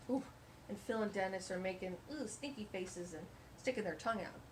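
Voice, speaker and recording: A woman reading a picture book aloud to children, with playful, animated asides. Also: mid-range voice, moderate pace, a little hiss or hum, rough recording. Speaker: children's story reader.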